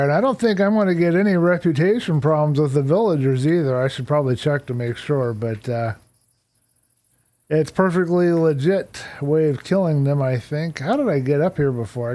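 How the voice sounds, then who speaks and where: A man with a slightly higher voice chats through a live game stream. He thinks aloud, stumbles over plans and laughs at his own mistakes in an easy, casual way. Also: normal speed, darkish tone. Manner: chatty, thinks aloud, self-deprecating.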